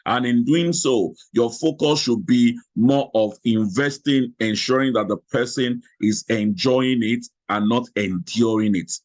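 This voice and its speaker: A middle-aged man with a Nigerian accent lectures a class in a chatty, frank way, looping back over his points. His voice sits at a middle pitch. It is recorded close and dry. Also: measured pace, few pauses, a little mellow, no room sound. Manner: chatty, repetitive, frank storytelling. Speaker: marriage teacher.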